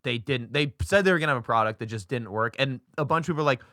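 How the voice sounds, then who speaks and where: A man's voice: medium pitch, racing, bright, forceful tone, dry recording, clean studio sound. A young man co-hosting a casual podcast, rambling through a story with lots of fillers and swearing. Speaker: podcast co-host. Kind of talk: casual chat.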